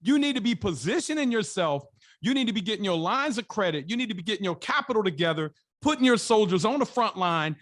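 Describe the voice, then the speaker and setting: A man's voice: sits high, expressive, fast, a bit bright. An American man, a podcast guest and investor, telling stories in a colloquial, emphatic way that repeats phrases for emphasis. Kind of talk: storytelling in an interview.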